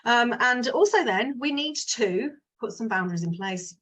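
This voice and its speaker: Lady coach rambling frankly to camera, husky breathy voice. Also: fairly high pitch, lively intonation, moderate pace, a bit bright. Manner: chatty, frank, digressive. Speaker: business mindset coach. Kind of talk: casual solo talk to viewers.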